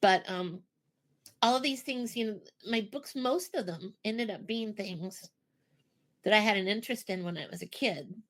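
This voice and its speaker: Woman, middle-aged, guest author, animated storyteller, does voices in anecdotes, mid-range pitch. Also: normal speed. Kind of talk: casual interview storytelling.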